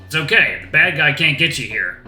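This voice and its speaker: A man voicing a big male wolf giant who speaks calmly and reassuringly. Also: on the high side, normal speed, echoey room, soft background music, heavily acted, poor audio. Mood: soothing. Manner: soothing and easygoing.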